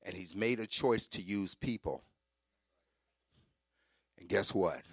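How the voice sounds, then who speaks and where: A man's voice: deep voice, slow, dry recording, clean studio sound. A middle-aged man preaching a sermon, telling his own testimony with fervor and talking straight to the congregation. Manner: fervent, builds to shouting; conversational asides to congregation.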